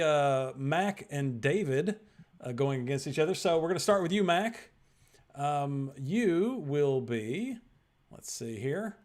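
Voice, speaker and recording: A man's voice: a little high, darkish tone. A man hosting a virtual improv show over a video call, loose and rambling with fillers.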